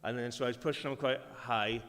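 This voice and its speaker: A man's voice: medium pitch, fairly even intonation, a little fast, fairly bright tone. A Welsh man in his thirties gives a sermon in a church hall, and the room's long reverb trails after his words. He talks conversationally, stumbling over fillers and restarting sentences as he goes. His voice sits in a middling register. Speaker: preacher.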